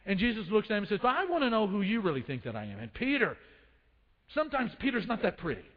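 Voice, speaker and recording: A man with a high voice preaches a sermon, calling out to the congregation for answers and hammering his points home by repeating them. His voice rings through a church hall with long reverb. The sound is dull and muffled. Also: big pitch swings, quick pace. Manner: call-and-response preaching, repeats phrases for emphasis. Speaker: pastor. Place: church sanctuary.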